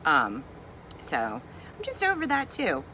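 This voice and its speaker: A woman's voice: low-pitched, wildly swooping pitch, slow pace, sharp tone, a little hiss or hum. A middle-aged woman and mother from Virginia, ranting in a chatty, exasperated, humorous way in a casual vlog at home. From Virginia, USA. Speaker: vlogger and mother.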